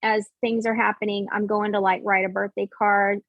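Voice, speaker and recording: A woman in her forties telling her personal story as a podcast guest, casual and animated, acting out what others said and filling her speech with "like.". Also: mid-range voice, moderate pace, dry recording, muffled recording. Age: 40s. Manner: animated, acts out quoted dialogue, many "like" fillers.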